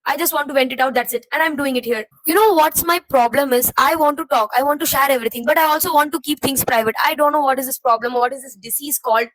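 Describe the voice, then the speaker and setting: A woman's voice: high-pitched, fast, few pauses, fairly bright tone, rough recording. A young woman talking to her viewers, venting her jumbled thoughts in a rambling, confused and frustrated way while feeling emotionally heavy. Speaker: vlogger. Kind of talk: personal venting to camera.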